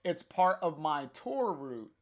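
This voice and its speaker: An excitable young woman musician, all exclamations, read aloud by a man. It has an unhurried, casual comic read-through feel. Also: on the high side, exaggerated voice. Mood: excited.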